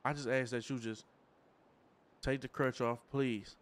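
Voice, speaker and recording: A man streaming a game role-play, talking in a pushy, insistent way that sometimes drops to a low pleading tone. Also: little pitch movement, a little slow. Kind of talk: casual role-play banter.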